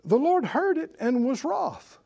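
A man preaching a sermon in a folksy, scolding way, slow and emphatic. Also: very high-pitched, big pitch swings, creaky, warm tone.

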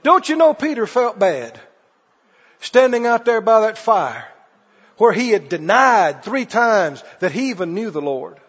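A male preacher delivers a fervent sermon in a very high voice that swings widely in pitch. His tone is husky, and he keeps firing rhetorical questions at the congregation. The dull recording carries the long reverb of a church hall. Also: very animated, unhurried.

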